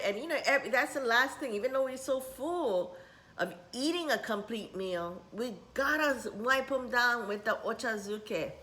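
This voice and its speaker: A middle-aged woman who teaches spiritual workshops, rambling in a casual vlog and dropping in Japanese words. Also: a little high. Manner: rambling, warm-hearted, mixes in Japanese words.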